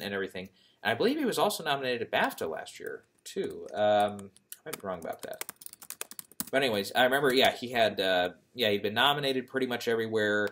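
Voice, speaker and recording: A man's voice: fairly low pitch, fairly bright tone. A young man talking casually about awards predictions, rambling and often correcting himself with fillers. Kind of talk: casual thinking-aloud commentary.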